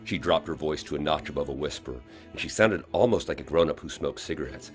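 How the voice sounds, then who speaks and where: A man, the author, reading his own novel aloud in expressive audiobook narration. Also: rumbling low, a little fast, hardly any pauses, faint music behind. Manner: expressive storytelling.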